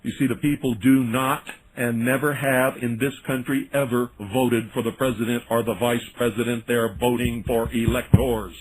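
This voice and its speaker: A man's voice: medium pitch, level tone, moderate pace, few pauses, a little hiss or hum, rough recording. A man hosting a radio talk show, delivering an indignant, sarcastic monologue. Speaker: radio host.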